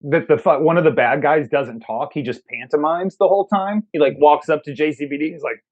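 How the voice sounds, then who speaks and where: A man's voice: a little high, a little fast, muffled recording. A man co-hosting a casual movie review chat, ranting jokingly and swearing a lot. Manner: profane, joking rants. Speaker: co-host film reviewer.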